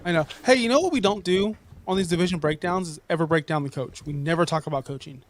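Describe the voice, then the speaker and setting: A man's voice: on the high side, quick pace. A man hosting a sports podcast, joking and leading the casual talk with his co-host and guest. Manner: lively, joking, leads the talk.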